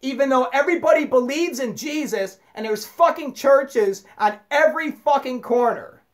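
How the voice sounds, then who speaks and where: A vlogger with a very high, expressive voice rants angrily at normal speed in an unscripted monologue. He swears nonstop and stammers over repeated words as he goes.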